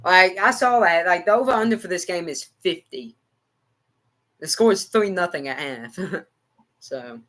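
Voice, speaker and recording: A man's voice: high-pitched, expressive, measured pace, long pauses, fairly bright tone. A man with an American country accent giving rambling, repetitive live football reaction and talking to his chat. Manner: rambling, repeats himself, talks to chat. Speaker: livestream sports reactor.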